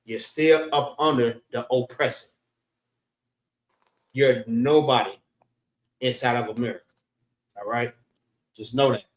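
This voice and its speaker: A male instructor delivers a loose, conversational lecture over an online call, checking in with listeners by saying "all right" repeatedly. His mid-range voice stays steady, unhurried, and broken by long pauses. The recording is rough and the room echoes.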